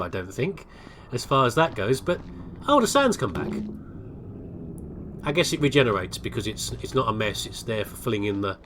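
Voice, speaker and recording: A man's voice: on the low side, a little hiss or hum. An older English man talking over gameplay in a rambling, casual and self-deprecating way, often stopping to restart a sentence. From England. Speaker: gaming video host.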